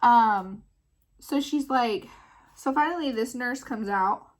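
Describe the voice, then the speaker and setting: A mother vlogging, retelling a story in a casual, animated way full of "like". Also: on the high side, takes it slowly. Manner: animated, filler-heavy retelling with many "like"s.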